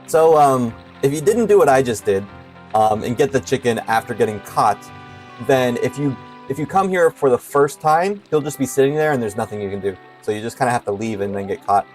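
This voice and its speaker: A man's voice: medium pitch, expressive, brisk, faint music behind. A young man giving casual commentary while playing a video game, hesitant and full of filler words. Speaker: streamer.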